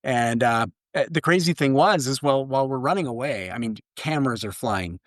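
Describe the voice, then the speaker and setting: A man from Canada, a keynote speaker, telling a story in an animated way and laughing as he goes. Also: mid-range voice, brisk, no echo, clean studio sound. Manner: lively, laughs through his story.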